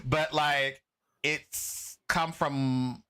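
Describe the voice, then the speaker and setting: A man's voice: on the high side, extremely slow, clear, resonant tone. A middle-aged man, an educator turned consultant, chatting as a guest in an interview and acting out the people he quotes. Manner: lively storyteller who acts out quoted people. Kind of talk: casual interview chat.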